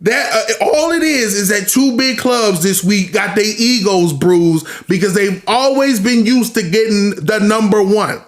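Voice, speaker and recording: A man's voice: sits high, measured pace, few pauses, reverberant. A man hosting a podcast, ranting in casual commentary with lots of profanity and exasperated rhetorical questions. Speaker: podcast host.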